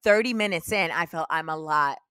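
A woman guests on a comedy podcast and teases the hosts in playful, expressive chat. Her voice is recorded dry and close. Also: low-pitched, fairly quick, clean tone, dry recording.

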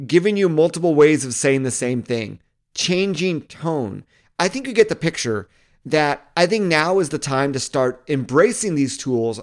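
Chatty man walking through a tool. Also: fairly high pitch. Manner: loose, chatty, thinking aloud with fillers. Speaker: marketing video host. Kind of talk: casual screen-recording walkthrough.

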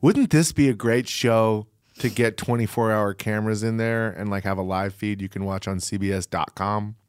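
A man who is a comedian co-hosting a podcast in a studio, making absurd deadpan jokes in casual chat. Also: lowish voice, normal speed, clear, resonant tone.

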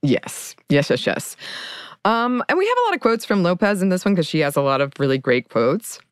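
A woman's voice: fairly low pitch, very animated, fairly quick, smooth, dry recording, studio quality. A woman co-hosting a podcast, chatting casually about a horror film and laughing often. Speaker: podcast co-host.

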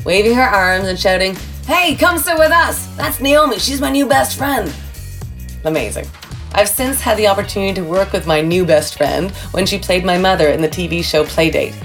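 A woman from Canada hosting a podcast, enthusiastic and gushing as she introduces her guest and chats with her. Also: on the low side. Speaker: podcast host.

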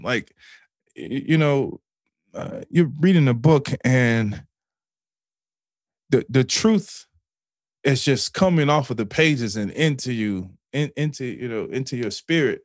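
A man's voice: mid-range voice, animated, a little slow, dry recording. A man in a podcast interview speaks in a middle-range voice, recorded close and dry with no room sound. He tells his story earnestly and emotionally, swearing freely and often restarting his sentences. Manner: earnest, emotional and profane, with many restarts and fillers. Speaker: podcast guest.

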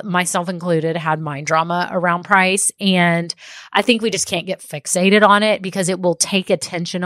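A woman's voice: fairly low pitch, fairly bright tone, dry recording, studio quality. A woman business coach giving a motivational talk straight to her listeners. She is emphatic and upbeat, repeats key phrases, and keeps checking in with "okay?".

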